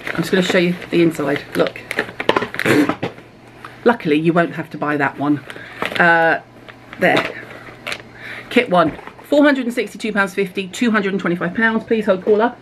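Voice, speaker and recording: A woman's voice: on the low side, moderate pace, long pauses, background noise. Chatty British woman vlogging skincare. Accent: British English. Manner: chatty, candid and self-mocking, with asides. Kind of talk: casual product reveal to camera.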